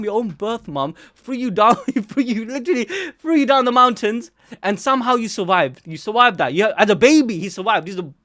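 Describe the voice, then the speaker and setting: A young man hosting an anime channel, reacting live to a manga chapter in an excitable, slangy, exclamatory way. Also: high voice, no room sound, clean studio sound.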